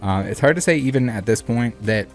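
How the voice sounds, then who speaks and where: A man's voice: medium pitch, animated, brisk, faint music behind. A man hosting a casual commentary video, talking in a rambling, blunt way with many fillers. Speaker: channel host.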